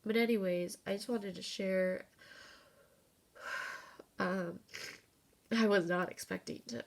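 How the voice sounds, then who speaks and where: A woman's voice: mid-range voice, steady tone, slow, creaky. A woman in her thirties talking candidly in a personal vlog, rambling with fillers and the odd swear word, tearful and close to crying at times. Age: 30s. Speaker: vlogger.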